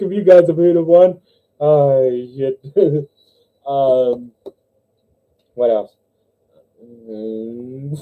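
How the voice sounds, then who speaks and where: A young man with a New Zealand accent, hosting a casual livestream, telling jokes and stories, giggling often and squeaking when he voices characters. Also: drawn-out words, pauses often. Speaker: livestream host. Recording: dull lo-fi livestream audio.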